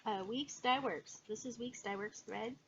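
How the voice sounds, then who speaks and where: A woman chatting casually in a haul video, gushing with excitement and filling pauses with "um". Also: a little high. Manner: excitable, gushing, many fillers. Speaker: cross-stitch vlogger. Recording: dull lo-fi sound with background noise.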